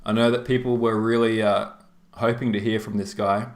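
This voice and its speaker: Hosting a game tournament stream, this Australian man speaks at normal speed in a fairly low voice with little pitch movement. He chats and rambles casually, laughing often and using lots of fillers, with a roomy echo on the recording.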